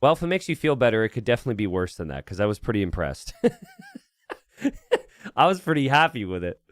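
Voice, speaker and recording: A man's voice: mid-range voice, huge pitch swings, a little fast, dry recording. Male live-stream caster: chatty, rambling, thinks aloud to chat, dead-dry close mic. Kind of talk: casual live-stream commentary.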